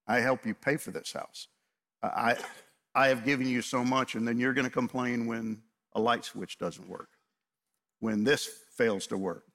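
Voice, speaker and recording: A man's voice: mid-range voice, steady tone, unhurried, a bit bright. A man in his fifties, a pastor preaching a sermon, earnest and asking the congregation rhetorical questions.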